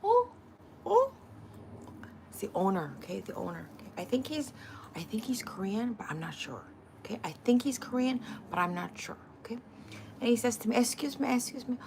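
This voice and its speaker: A woman hosting a casual cooking livestream, greeting viewers and telling stories in an animated way. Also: mid-range voice, brisk, gravelly, slight background noise. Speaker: livestream host. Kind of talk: casual chat while cooking.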